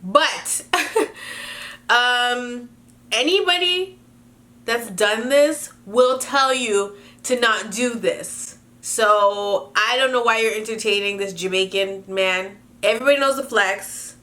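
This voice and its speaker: A woman's voice: on the high side, slow, sharp tone. A young woman from Canada reading viewer emails aloud and giving blunt, sassy advice in a casual chat, swearing freely.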